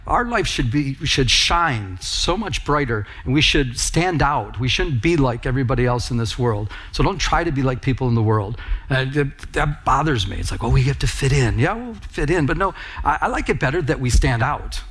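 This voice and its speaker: A man's voice: medium pitch, animated, moderate pace, a bit bright. A middle-aged man preaching a sermon as pastor, telling personal stories in an earnest, conversational way.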